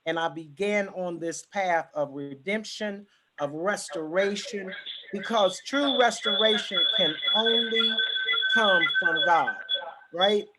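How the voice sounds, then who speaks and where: A woman's voice: mid-range voice, takes it slowly, pushed and bright, slight background noise. A woman giving a personal testimony as a guest speaker, talking emphatically and repeating her key phrases for weight. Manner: emphatic, repetitive storytelling.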